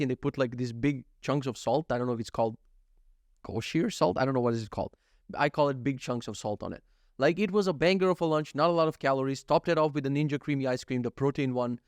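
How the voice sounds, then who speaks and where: In a dry, studio-quality recording, a mid-range-voiced man in his thirties recounts his day, vlogger-style. He's animated and profane, voicing his own thoughts and quoting other people.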